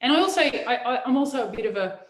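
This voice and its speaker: A woman's voice: high-pitched, expressive, echoey room, a little hiss or hum, low-quality recording. A woman speaking frankly in a casual chat, often restarting her sentences. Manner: frank, halting, many restarts.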